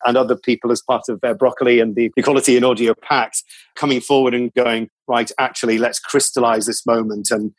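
A man's voice: medium pitch, fairly even intonation, a little fast, no echo. A man, a radio company executive, talking in an earnest, reflective way in an interview, often restarting his sentences. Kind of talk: conversational interview.

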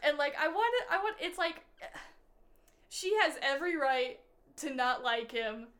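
Young woman on a movie podcast, kinda high voice, says like a lot, acts out the lines. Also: animated, measured pace, a bit bright. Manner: chatty, lots of "like", acts out quotes. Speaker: podcast co-host. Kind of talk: casual movie review chat.

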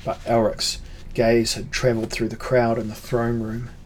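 A man narrating a fantasy audiobook in a measured, unhurried storytelling manner. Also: medium pitch, completely flat delivery, a little hiss or hum.

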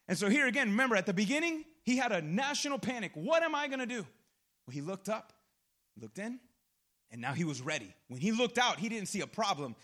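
A man's voice: high voice, sing-song, fairly quick, pushed and bright. A male pastor preaching a sermon in a casual, conversational way, full of slang and personal stories, acting out his own reactions.

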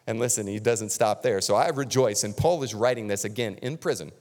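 A man's voice: lowish voice, brisk, a little mellow. A male pastor preaching a sermon in a conversational, emphatic way, repeating key lines for stress. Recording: long reverb of a large hall.

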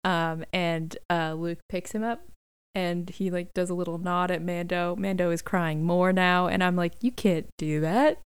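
Chatty young woman with smooth voice. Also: on the low side, moderate pace. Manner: chatty, animated, laughs and acts out reactions. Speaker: podcast co-host. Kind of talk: casual fan podcast chat.

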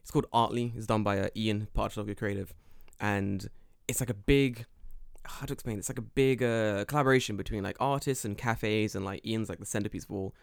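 A young British man co-hosting a casual podcast, telling stories with lots of swearing and quick impressions of people. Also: lowish voice, creaky, clear, resonant tone, dry recording, clean studio sound. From United Kingdom. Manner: animated storyteller, mimics people, swears freely. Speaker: podcast co-host. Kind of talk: casual chat.

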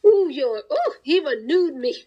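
A woman's voice: high voice, sing-song, measured pace, lo-fi sound. A woman hosting a podcast, giving a fervent, sometimes tearful spoken testimony of faith to her listeners. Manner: fervent, preachy, tearful at times. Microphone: home podcast recording.

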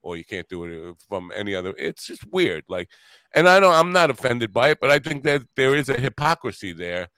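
A man's voice: mid-range voice, sing-song, a little fast, fairly bright tone, no room sound. A man hosting a casual podcast chat, rambling and joking about what people can and cannot say. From Italian-American family. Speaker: podcast host.

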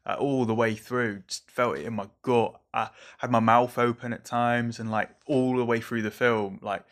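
An English man, a young adult, hosting a casual solo podcast in an excitable, rambling, over-caffeinated way, swearing now and then. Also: medium pitch, moderate pace, few pauses. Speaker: podcast host reviewing films.

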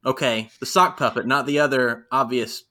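Bright-voiced man recapping casually. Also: medium pitch, fairly even intonation, normal speed. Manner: chatty storytelling, quotes people in voices. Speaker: podcast co-host. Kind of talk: casual wrestling recap chat.

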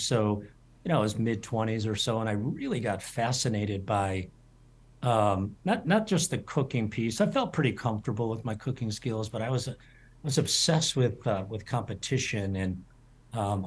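Middle-aged man, fairly low voice, casual rambling interview guest. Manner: rambling, repeats words, warm storytelling. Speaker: culinary school president, guest.

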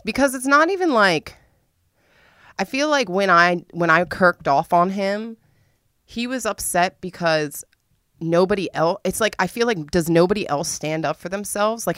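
A woman's voice: fairly low pitch, animated, moderate pace, fairly bright tone, dry recording, clean studio sound. A young adult woman telling a frank, profane story to her listeners, laughing often as she talks. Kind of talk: candid storytime monologue.

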